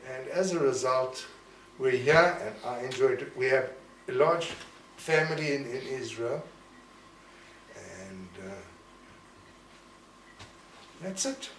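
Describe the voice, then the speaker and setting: A man's voice: medium pitch, lively intonation, slow, creaky, pauses often, fairly bright tone. An older man from Rhodesia, reflectively telling family stories in an oral history interview. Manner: reflective, storytelling, acts out family quotes. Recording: roomy echo, distant mic, faint noise.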